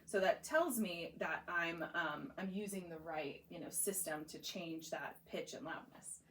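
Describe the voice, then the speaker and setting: A woman's voice: lowish voice, a little slow, fairly bright tone, echoey room, slight background noise, poor audio. A young woman working as a voice clinician, patiently guiding a client through voice exercises step by step with encouragement. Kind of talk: guiding a voice therapy session. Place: clinic room.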